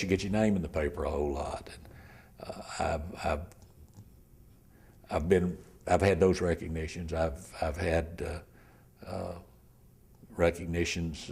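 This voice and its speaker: An older man, a criminal defense lawyer telling his story in an oral history interview, halting and repeating words, often trailing off near a whisper. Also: low-pitched, gravelly, darkish tone, husky.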